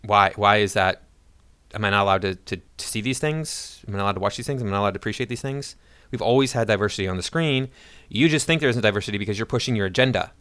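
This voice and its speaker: A man's voice: fairly low pitch, fast, fairly bright tone, clear, resonant tone, no echo. A man giving sarcastic, indignant reaction commentary on a video clip. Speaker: YouTube commentator.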